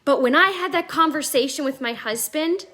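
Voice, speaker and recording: Woman, high voice, casual home live video, chatty storytelling, lots of fillers. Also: normal speed. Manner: chatty, animated, many fillers like "like". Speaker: network marketing vlogger. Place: at home indoors, near a staircase. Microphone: live video call.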